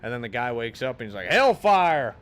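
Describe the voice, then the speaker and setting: A man's voice: medium pitch, steady tone, racing, a bit bright, smooth, soft background music. A man streaming a game and chatting casually, retelling a story in a rambling, profane way full of restarts. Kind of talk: casual chat while gaming.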